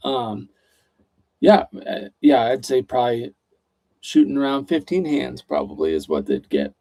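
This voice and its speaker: A man's voice: medium pitch, lively intonation, unhurried, vocal fry, mellow, dry recording. A man co-hosting a casual livestream chat, reading out viewer questions in an easygoing way. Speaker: co-host.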